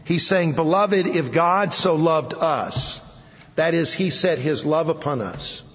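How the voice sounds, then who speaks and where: A man delivers a sermon in a high, unhurried voice, pressing each point with repetition and letting his phrases fall low at the end. The sound is dull and lo-fi, with a long reverb trailing off the hall around him. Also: a bit bright, slight background noise. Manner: emphatic, repeating key phrases, dropping low at phrase ends. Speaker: preacher. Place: hall with an audience.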